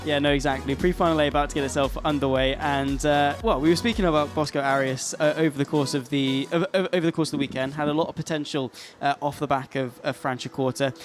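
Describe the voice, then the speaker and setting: Fast-talking young Englishman commentating. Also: on the high side, steady tone, faint music behind. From England. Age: young adult. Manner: chatty, rambling, many fillers and restarts. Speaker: karting co-commentator. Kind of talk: live race commentary. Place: commentary box at a race track.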